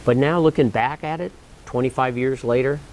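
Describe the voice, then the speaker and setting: An older man in his sixties spins a story from his years playing gigs, in a voice of middling pitch. He talks easily and rambles a little, doubling back with asides as he goes. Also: normal speed, darkish tone, a little hiss or hum. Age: 60s. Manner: easygoing, rambling, with restarts and asides. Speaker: musician telling a story. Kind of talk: casual storytelling.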